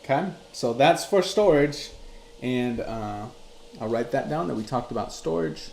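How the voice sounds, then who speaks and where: A man with a mid-range, unhurried, slightly mellow voice and some vocal fry hosts a live-streamed crypto chart class. He reads chat messages aloud and explains the charts loosely and conversationally. The recording has a roomy echo and slight background noise.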